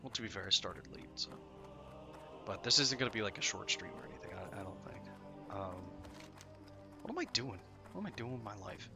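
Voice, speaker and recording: A man with a low, gravelly voice talks his way through a live game stream, loose and rambling, cursing casually and poking fun at himself. He sounds a little sleepy. Game music plays clearly underneath him. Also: brisk, pauses often. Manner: rambling, self-mocking, swears freely.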